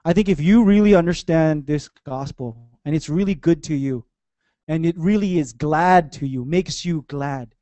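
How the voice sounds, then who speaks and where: High-voiced man preaching with playful energy. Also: normal speed, no room sound. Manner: animated, conversational preaching with playful asides. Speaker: pastor. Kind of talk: sermon. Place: church.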